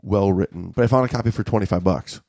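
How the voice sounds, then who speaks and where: Low gravelly guy rambling on a podcast, lots of uh and restarts. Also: fast, a little mellow, no echo, studio quality. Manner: rambling, restarts and filler-heavy. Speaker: podcast co-host. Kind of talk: casual chat.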